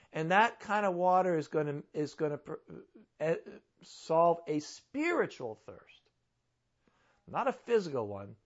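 A man's voice: on the high side, highs cut off. A man preaching a sermon in a conversational way, asking his listeners rhetorical questions. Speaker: pastor.

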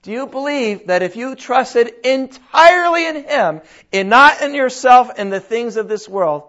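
An older man preaches in a loose, folksy way, asking his listeners question after question. His voice sits high. The recording is dull and lo-fi. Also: animated, normal speed, few pauses, sharp tone. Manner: conversational, folksy, with rhetorical questions. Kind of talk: sermon.

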